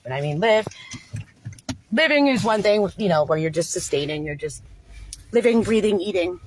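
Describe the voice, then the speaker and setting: A woman's voice: on the low side, expressive, moderate pace, slight background noise. A woman talking unscripted on a livestream, rambling and agitated, with frequent swearing. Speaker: livestream host.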